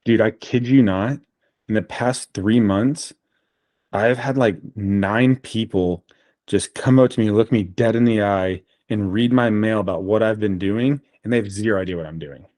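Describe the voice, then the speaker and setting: Low-voiced man telling stories animatedly. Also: normal speed, no echo, studio quality. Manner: animated storyteller, frequent fillers. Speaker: guest. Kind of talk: casual podcast conversation.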